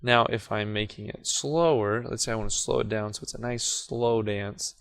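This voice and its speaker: In this laid-back screen-recorded software tutorial, a man walks through video editing at a moderate pace, his voice fairly low. He talks through his clicks while working and sometimes stops to correct himself.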